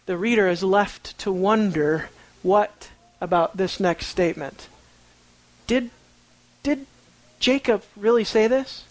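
A preacher giving a conversational sermon on a Bible passage, often asking the listeners questions and telling the story with dramatic swings between quiet and excited. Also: mid-range voice, measured pace, no room sound.

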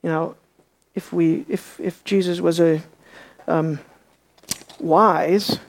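Woman bible teacher, sermon style, gets loud and high when she acts out the quotes. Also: slow pace. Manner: animated, acts out quotes with rising pitch and volume.

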